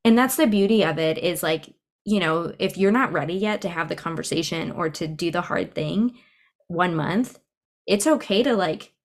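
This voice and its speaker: A woman's voice: on the low side, moderate pace. A woman speaking as a podcast guest, talking things through in a reflective, conversational way with frequent fillers. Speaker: podcast guest, cycle syncing coach. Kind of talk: casual interview conversation.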